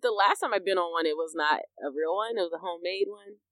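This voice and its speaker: A young woman from the United States, a podcast co-host, telling a story in casual chat, animated, swearing and laughing as she goes. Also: fairly low pitch, quick pace, no room sound.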